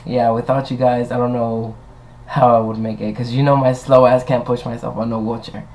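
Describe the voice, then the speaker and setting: A man's voice: mid-range voice, flat delivery, normal speed, a little mellow, poor audio. A young man talking casually to a webcam, rambling and swearing as he tells stories. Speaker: vlogger. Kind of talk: casual chat.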